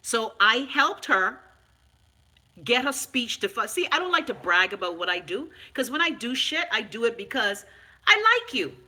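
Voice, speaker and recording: A Bahamian woman hosting a casual live stream, frank and animated, swearing freely and answering viewer comments. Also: fairly high pitch, normal speed. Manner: loud, animated, talks back to viewer comments.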